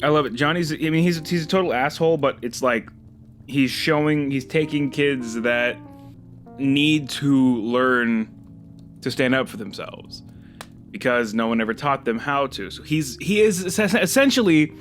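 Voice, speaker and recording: A man hosting a casual chat reviewing a show, talking in an animated way, swearing freely and jumping up in pitch when moved. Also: measured pace, soft background music. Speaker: host.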